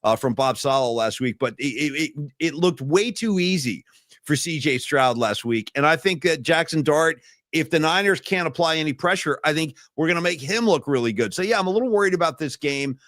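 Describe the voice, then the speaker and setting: A man's voice: fairly high pitch, fairly quick, fairly bright tone, dry recording, studio quality. A man co-hosting a sports podcast, talking casually and candidly, rambling through his worries about the game. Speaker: podcast co-host.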